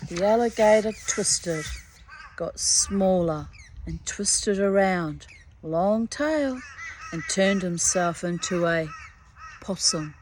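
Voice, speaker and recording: Slow-reading woman storyteller. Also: on the low side, darkish tone, slight background noise. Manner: unhurried, with chatty personal asides. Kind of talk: reading a folktale aloud.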